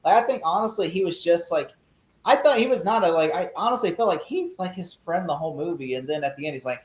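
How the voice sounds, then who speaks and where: A man who is a guest in a casual podcast discussion, telling stories with lively energy and acting out quotes in mock voices. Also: fairly high pitch, fast, roomy sound, rough recording.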